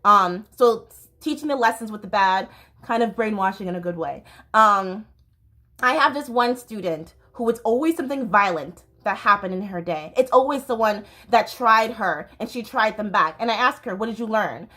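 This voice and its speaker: In a personal storytelling vlog, a woman in her thirties who teaches dance rambles candidly through her stories, with lots of fillers and false starts. Her mid-range voice has lively intonation, a moderate pace, and a sharp tone.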